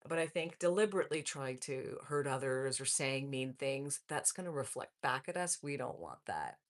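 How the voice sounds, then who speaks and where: Hosting a casual live stream, a woman in her forties with a low voice reads out viewer comments and answers them in an upbeat, friendly way, addressing everyone as folks. Her intonation is lively and her pace moderate.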